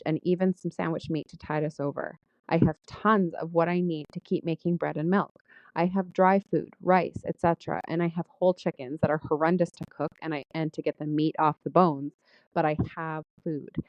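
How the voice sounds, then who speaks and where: Low-voiced woman podcast host going through a gratitude list, earnest and steady, dry muffled recording. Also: no echo. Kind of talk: spoken gratitude journal, podcast monologue.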